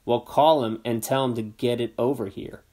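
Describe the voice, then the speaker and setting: A man's voice: mid-range voice, fairly even intonation, moderate pace, mellow, lightly acted. A man reading a stern impatient father.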